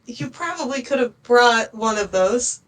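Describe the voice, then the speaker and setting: A woman player speaking in character in a tabletop game, calm and polite. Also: on the high side, unhurried, rough recording. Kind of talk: in-character tabletop role-play.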